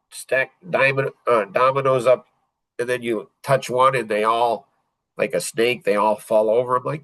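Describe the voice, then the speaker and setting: A podcast host telling a personal story in a reflective, halting way, with pauses and restarts. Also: male voice, mid-range voice, steady tone, a bit bright, dry recording, rough recording.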